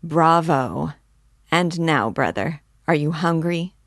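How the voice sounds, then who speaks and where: A woman's voice: low-pitched, animated, takes it slowly, dry recording, clean studio sound, heavily acted. A woman reading the lines of a boisterous young male student who bosses and jokes with his sick friend. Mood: hearty. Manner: hearty, bossy, joking.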